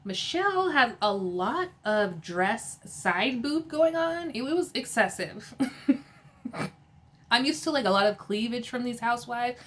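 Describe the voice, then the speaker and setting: Woman, casual TV recap vlogger, chatty, says "like" a lot, laughs often, fairly high voice. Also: expressive, measured pace, fairly bright tone. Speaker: TV episode reviewer.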